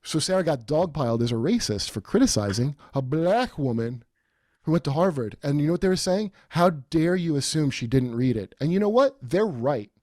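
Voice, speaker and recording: A man's voice: a little high, animated, normal speed, a little mellow, no echo, studio quality. A man hosting a podcast, talking in a rambling, profane, mocking way and putting on quoted voices. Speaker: podcast host. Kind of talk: casual comedic chat.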